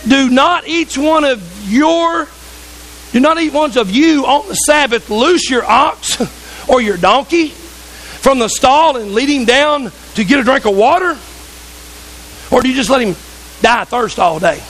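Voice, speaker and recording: A man voicing Jesus as a calm male teacher giving a plain, pointed rebuke. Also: very high voice, unhurried, a little hiss or hum, exaggerated voice, poor audio. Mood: rebuking.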